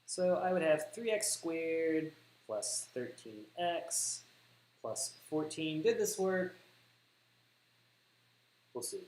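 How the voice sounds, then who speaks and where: Southern man teaching algebra, lively pitch. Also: slow pace, long pauses. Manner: thinks aloud, corrects himself, repeats words for emphasis. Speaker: math teacher. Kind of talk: livestream algebra lesson. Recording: echoey room with faint hiss.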